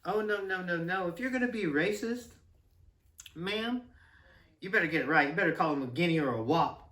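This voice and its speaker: A man voicing an indignant mother who scolds a teacher in a sharp, sarcastic way. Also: on the high side, very fast. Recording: roomy sound from a distant mic.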